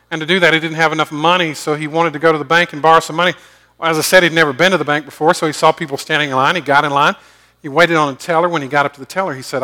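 A man preaching a sermon, telling stories and swinging from loud emphatic bursts to hushed low asides. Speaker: pastor.

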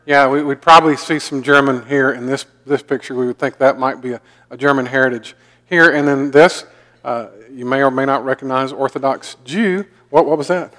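A pastor from the American South, with a mild Southern accent, delivers a folksy, joking sermon in a church sanctuary, often repeating his words. His mid-range voice is brisk and fairly bright, with fairly even intonation. Long hall reverb fills the recording.

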